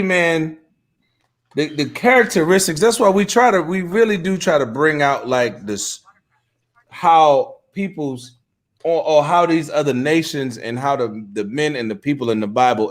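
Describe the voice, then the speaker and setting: A man leading a casual scripture discussion with preaching emphasis. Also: a little high.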